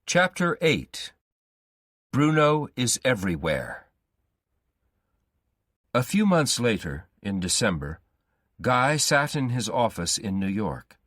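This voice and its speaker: A man reading a simplified story aloud slowly and deliberately for English learners. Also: mid-range voice, big pitch swings, a bit bright, no echo, clean studio sound. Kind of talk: graded reader narration for English learners.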